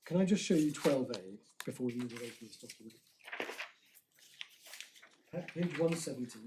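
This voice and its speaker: This courtroom speaker is a man presenting an appeal to judges, formal and deliberate, often starting phrases over. He has a warm, medium-pitched voice, with a slight hiss or hum on the recording.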